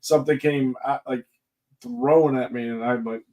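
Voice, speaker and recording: An American man hosts a casual conversation, with a voice pitched in the middle range for a man. He tells stories in a relaxed way and acts out what he said at the time. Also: normal speed. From United States. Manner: relaxed storyteller, mimics his own past remarks. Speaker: host. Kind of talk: casual chat.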